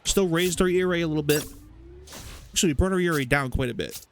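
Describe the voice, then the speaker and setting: Chatty, profane young gamer, slightly high voice. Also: male voice, fast, slight background noise. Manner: chatty, rambling, profane, excitable. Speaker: gaming YouTuber. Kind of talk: casual let's-play commentary.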